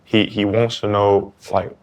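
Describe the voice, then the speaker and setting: A man's voice: medium pitch, fairly quick. A man in his thirties with a New Orleans accent, a football player talking casually as a podcast guest and acting out quoted talk. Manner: animated, acts out quoted talk. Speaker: guest quarterback.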